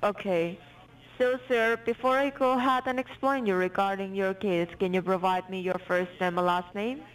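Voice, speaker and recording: A woman's voice: mid-range voice, steady tone, normal speed. Heard from a distance down a phone line, this woman sticks to a stiff, formal call center script. Her phrasing is rehearsed and officious. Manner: formal scripted, turns to insults. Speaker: scam call center agent. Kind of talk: scripted phone scam pitch.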